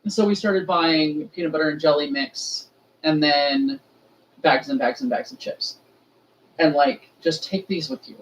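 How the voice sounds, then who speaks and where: Speaking at a measured pace in a deep voice, a woman leads a remembrance ritual and casually tells stories. She is animated, laughs often, and acts out the voices of the people she quotes. The audio sounds dull and distant, with faint noise.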